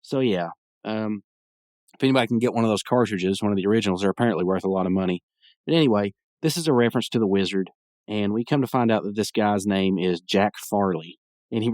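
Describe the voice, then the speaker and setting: With a fairly low, darkish voice, a young podcast host gives casual solo commentary, rambling through a cartoon episode recap and chuckling while acting out lines. The studio sound is clean, with no room sound.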